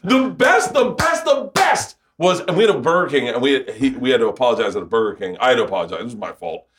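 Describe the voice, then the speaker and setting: A man's voice: medium pitch, rapid-fire. A man hosting a casual chat show, telling stories with lots of laughter and profanity. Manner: laughing storyteller, profane, lively. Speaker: podcast host. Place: kitchen.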